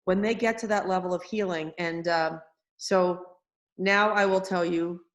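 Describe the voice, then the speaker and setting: Woman, doctor guest, somewhat low voice, earnest, conversational. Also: steady tone, unhurried. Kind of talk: conversational interview.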